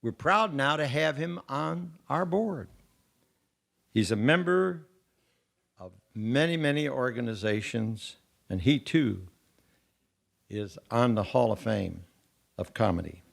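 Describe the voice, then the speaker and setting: A man acting as emcee, giving a formal introduction in a slow, announcing way. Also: mid-range voice, expressive, vocal fry.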